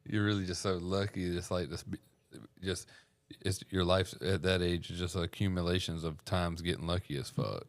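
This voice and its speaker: Real deep dude, chill, laughs a lot, dry close sound. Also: male voice, steady tone, normal speed, no room sound. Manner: laid-back, chuckling listener with short replies. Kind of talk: casual chat.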